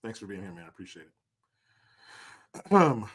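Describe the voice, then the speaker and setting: A man hosts a casual livestream indoors, reading out chat messages with crude jokes and loose swearing. His voice is bright and sharp, and his pitch bounces around with lively animation. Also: a little slow, husky. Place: indoors, cold room.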